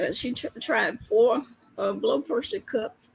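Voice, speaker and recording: A woman police officer chats through a personal story, laughing often as she goes. Her voice sits a bit high but comes out gravelly and husky, and she takes her time with an unhurried delivery. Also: poor audio. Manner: chatty, laughs often while telling a story. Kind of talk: casual storytelling to camera.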